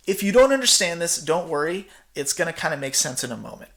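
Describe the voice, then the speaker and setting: A man's voice: a little high, animated, normal speed, a bit bright. Chatty man giving a casual lecture. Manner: casual, chatty, with many fillers. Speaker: theatre teacher. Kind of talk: recorded slide-lecture.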